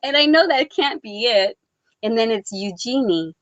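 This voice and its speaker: A woman's voice: a little high, animated, moderate pace, a bit bright, no echo, highs cut off. A woman hosting a casual live-stream chat, reading viewer comments aloud, chatty and rambling, laughing often. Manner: rambling with many restarts and fillers.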